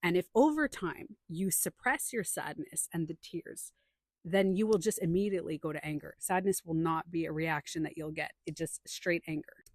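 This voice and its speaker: Woman, lower voice, dry close sound, animated storytelling, casual talk show. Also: moderate pace, dry recording. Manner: animated storytelling, acts out quotes. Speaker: podcast host.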